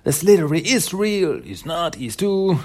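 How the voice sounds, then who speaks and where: A man's voice: medium pitch, expressive, normal speed, darkish tone, slightly rough. Man reading as a stubborn young mutant girl. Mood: insistent.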